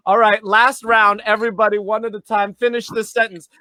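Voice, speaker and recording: A man's voice: high voice, steady tone, normal speed, sharp tone. A man co-hosting a casual game night chat, playful and giggly as he runs the rounds. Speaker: co-host. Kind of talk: casual chat on a video call.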